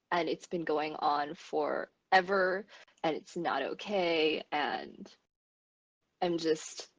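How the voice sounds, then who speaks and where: A woman's voice: lowish voice, creaky, dry recording, low-quality recording. An American woman streamer speaking in an earnest, heartfelt, rambling way, openly emotional as she talks. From United States. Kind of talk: earnest casual discussion.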